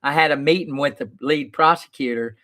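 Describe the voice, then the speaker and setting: A man's voice: fairly high pitch, brisk, pushed and bright. A man, a lawyer hosting his own show, talking casually to viewers in a blunt, plain-spoken way, swearing freely and telling stories. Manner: storytelling, reenacts his own past lines.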